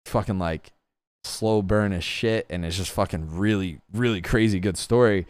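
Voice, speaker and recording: With a low, smooth voice at a moderate pace, a young male guest streamer rambles through a casual chat on roleplay gaming. He swears casually and uses lots of fillers; the audio has no echo.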